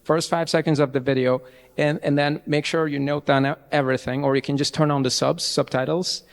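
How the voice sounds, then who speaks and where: Energetic young trainer in a reverberant hall. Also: male voice, fairly high pitch, a little fast, gravelly. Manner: energetic, chatty, restarts often. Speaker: IELTS trainer. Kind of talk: live training talk. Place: large event hall.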